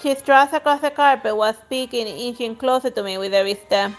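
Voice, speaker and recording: A woman's voice: a little high, a little fast, soft background music. Woman reading a story game aloud. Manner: dry asides between reading. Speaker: streamer.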